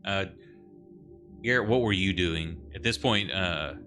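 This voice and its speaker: A man with a very deep voice runs a tabletop game as game master. He rambles through rules and scene setups with lots of fillers, with clear music playing underneath. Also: a little slow, sharp tone. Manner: loose, rambling rule explanations with fillers.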